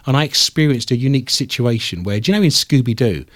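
A man's voice: medium pitch, animated, quick pace, no echo. Dry-witted man hosting radio. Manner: dry, joking, rambling anecdotes. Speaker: radio show host. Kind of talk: casual radio banter. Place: radio studio.

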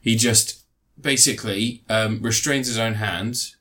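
A man casually recapping and reviewing a film, rambling with fillers, sarcastic asides and quick mock voices. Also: on the low side, steady tone, pushed and bright.

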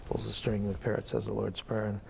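A man being interviewed, casually telling a joke and chatting in a brisk, anecdotal way. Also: on the low side, completely flat delivery, creaky, slight background noise.

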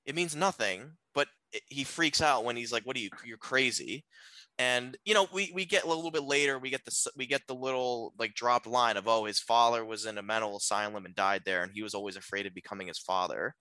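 A man's voice: medium pitch, brisk, bright, forceful tone, dry recording, poor audio. A man co-hosting a podcast, talking casually through a film's plot with many fillers and restarts. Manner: rambling, lots of fillers and restarts. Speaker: podcast co-host. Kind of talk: casual film discussion.

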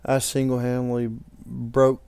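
A man in a casual chat who keeps chiming in with quick jokes and questions. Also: mid-range voice, completely flat delivery, creaky, a little mellow, clear, resonant tone, no echo.

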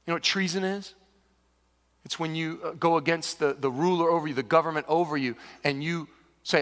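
A man preaching a sermon as pastor, animated and conversational with touches of humor. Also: on the high side, normal speed. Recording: long reverb of a large hall.

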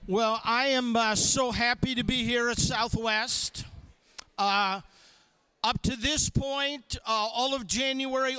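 A man speaking as a guest youth speaker to students, animated and coaxing, calling out prompts for the audience to repeat. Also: extremely high pitch, clean tone. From from the Chicago area. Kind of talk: energetic chapel talk to students.

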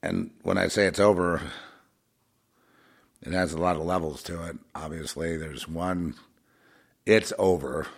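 Male speaker, unhurried, scornful spiritual talk; repeats himself for weight. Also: low-pitched, steady tone, vocal fry, slightly rough. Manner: blunt, repetitive, scornful asides. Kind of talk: unscripted spiritual monologue.

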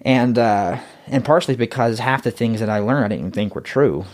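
Excited rambling storyteller man. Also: medium pitch, fairly quick. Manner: rambling, repeats words, grows excited. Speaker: guest telling his conversion story. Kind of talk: casual storytelling interview.

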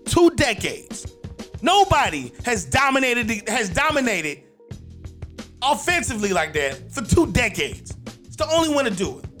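A man's voice: extremely high pitch, sing-song, moderate pace, sharp tone, soft background music. A man hosting a sports podcast, giving his football picks in a brash, punchy, repetitive way. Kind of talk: solo sports picks commentary.

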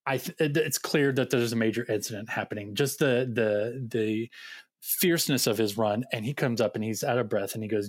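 A man's voice: mid-range voice, brisk, dry recording. Man telling camp stories, dry close mic. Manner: animated anecdote-telling with quoted dialogue. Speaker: guest, youth ministry director. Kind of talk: casual storytelling.

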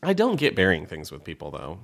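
Lively, joking man co-hosting a podcast. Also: low voice, brisk, vocal fry. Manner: joking, swears freely, lively. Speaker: podcast co-host. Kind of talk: casual chat, reading a listener letter.

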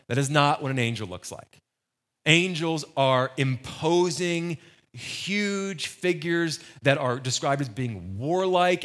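A man's voice: mid-range voice, fairly bright tone. A man preaching a sermon, conversational with joking asides. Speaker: pastor.

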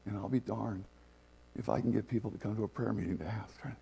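A man preaching a conversational sermon as pastor, animated and laughing often. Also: lowish voice, fast, creaky, breathy edge.

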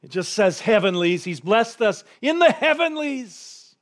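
Man preaching, dropping to hushed tones. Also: big pitch swings, measured pace. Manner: reflective, often dropping to a hushed low tone. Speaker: pastor. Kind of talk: sermon.

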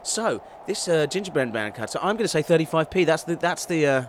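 A man's voice: fairly high pitch, sing-song, brisk, a little hiss or hum, poor audio. A man co-hosting a comedy podcast, wry and rambling, swearing freely. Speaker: co-host.

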